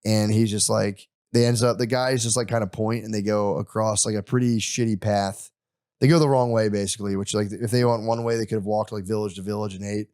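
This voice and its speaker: A man's voice: on the low side, steady tone, brisk, darkish tone, clear, resonant tone, no echo, studio quality. A young man hosting a podcast, casually retelling a history story with crude humor and voiced quotes.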